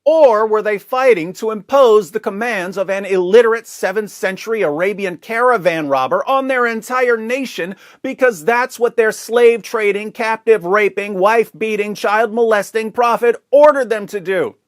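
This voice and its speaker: A man's voice: sits high, normal speed, few pauses, no echo, clean studio sound. A man delivering sarcastic, mocking video commentary, full of rhetorical questions.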